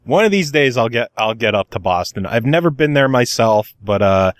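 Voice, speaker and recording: A man hosting a podcast, chatting casually and asking quick questions. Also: mid-range voice, very animated. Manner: laughs easily, quick questions. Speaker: podcast host.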